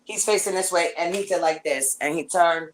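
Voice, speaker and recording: A woman guest telling a long story in casual chat, animated and rambling, with lots of fillers and restarts. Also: fairly low pitch, normal speed, low-quality recording.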